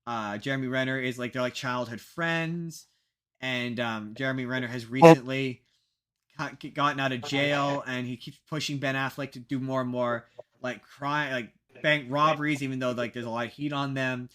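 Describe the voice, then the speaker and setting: Bright, self-mocking young podcast host. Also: male voice, mid-range voice, steady tone, normal speed. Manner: rambling, self-mocking, many fillers and restarts. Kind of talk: casual podcast chat.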